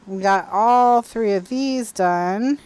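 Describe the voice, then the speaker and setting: A woman's voice: medium pitch, takes it slowly, a little mellow, clear, resonant tone. A woman hosting a casual crafting livestream from home, chatty and apologetic, laughing often.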